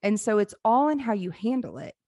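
A woman's voice: mid-range voice, sing-song, fairly quick, dark tone, no echo, clean studio sound. A woman in her forties telling candid family stories in casual chat, laughing and swearing now and then.

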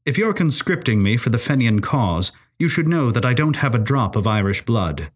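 This is a self-possessed young woman investigator, read by a male narrator close to his own voice. Her lines come out measured and guarded, with a dry wry edge. The delivery has lively rises and falls in pitch. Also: husky.

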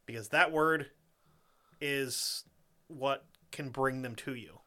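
A man's voice: mid-range voice, sharp tone. A young man co-hosting a podcast, cursing freely, ranting and laughing, then reading a story aloud. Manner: profane, rants fast and laughs a lot. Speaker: podcast co-host.

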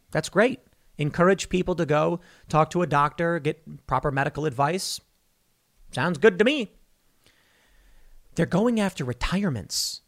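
A man giving opinionated political commentary, emphatic, firing rhetorical questions and mocking the people he quotes. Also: fairly high pitch.

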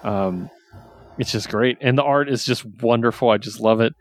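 A man casually recapping a story, chatty and laughing often, quoting characters in quick voices. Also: mid-range voice, a little hiss or hum. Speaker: comic book reviewer. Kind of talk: casual chat.

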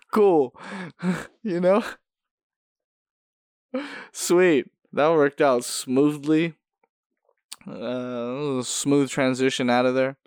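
A man talking solo on his own podcast in a laid-back, casual way. He swears a lot, laughs often, and gets loud and high when worked up. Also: smooth, no room sound, studio quality. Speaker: podcast host.

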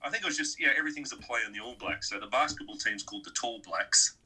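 A man's voice: medium pitch, fast talker, pushed and bright, husky, poor audio. A middle-aged man with a New Zealand accent in casual chat, laid-back and saying "mate" a lot.

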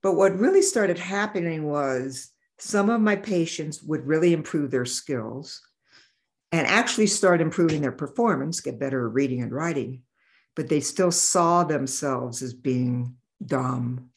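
A vision therapist telling a patient story in an interview, animated and acting out the dialogue. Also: mid-range voice, a little slow. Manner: animated, acts out quoted dialogue.

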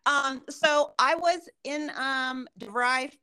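A woman's voice: high voice, takes it slowly, sharp tone, rough recording. A woman in her forties co-hosting a podcast, telling a story in casual chat, swearing and laughing often. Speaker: podcast co-host.

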